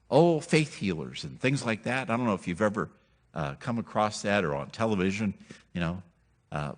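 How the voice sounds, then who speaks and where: Animated storytelling male preacher. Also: medium pitch. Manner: conversational storytelling with humor and asides; animated, acts out quoted characters. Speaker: pastor. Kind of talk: sermon.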